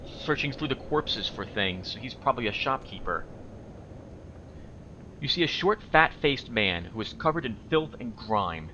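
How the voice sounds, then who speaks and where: Bright-voiced man reading a game aloud. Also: mid-range voice, lively intonation. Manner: reads dialogue and narration aloud, with quick asides. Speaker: let's play host. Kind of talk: casual gameplay commentary reading game dialogue aloud. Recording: slightly dull home mic with faint noise.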